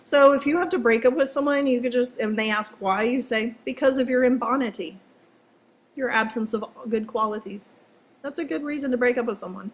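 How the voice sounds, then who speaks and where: A woman's voice: fairly high pitch, a little fast, slight background noise. Playful chatty woman teaching vocabulary. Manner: playful, chatty, jokes with students. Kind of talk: casual classroom vocabulary lesson.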